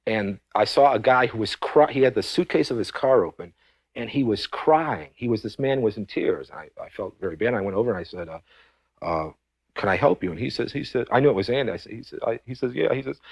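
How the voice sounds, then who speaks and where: A man recounts an old booking story in a stammering, chuckling way. His voice has a gravelly, fry-laden texture at a middle pitch. The sound is dry and close. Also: a little mellow, no echo. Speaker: booker telling a story. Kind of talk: anecdote.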